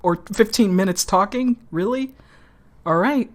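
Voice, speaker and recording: A woman streamer giving casual commentary on a game, swearing often, laughing a lot and reacting loudly to what happens on screen. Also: medium pitch, a little slow.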